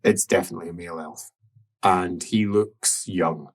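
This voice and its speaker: A man narrating a tabletop role-playing game as game master, in a musing way that drops to soft murmurs. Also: low-pitched, fairly even intonation, moderate pace.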